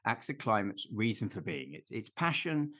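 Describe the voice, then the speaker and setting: A man's voice: fairly low pitch, moderate pace, husky. A man hosting a podcast, speaking with enthusiasm. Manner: enthusiastic, expressive. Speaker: podcast host.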